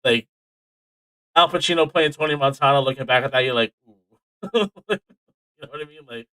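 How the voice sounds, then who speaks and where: A man co-hosting a casual podcast, telling stories with animated energy, plenty of swearing and laughter. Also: mid-range voice, moderate pace, no room sound, low-quality recording. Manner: animated storytelling, heavy swearing, frequent laughs. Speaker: podcast co-host. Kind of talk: casual chat.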